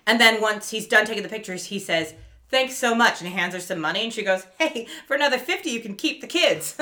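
A woman co-hosting a casual podcast, retelling a TV episode and acting out the characters' lines. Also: medium pitch. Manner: animated, acts out characters' lines in quick quotes. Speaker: podcast co-host. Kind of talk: casual chat recapping a TV episode.

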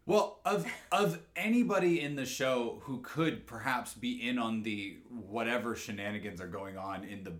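A co-host on a casual podcast, recapping a show and musing out loud in loose, trailing sentences. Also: medium pitch, normal speed, few pauses.

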